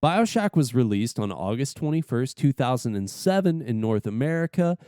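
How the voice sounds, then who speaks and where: Mellow, smooth-voiced man reading podcast notes. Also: medium pitch, very animated, no echo, studio quality. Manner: easygoing, quick to laugh and tease. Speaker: podcast co-host. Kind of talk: reading scripted game history, with casual banter.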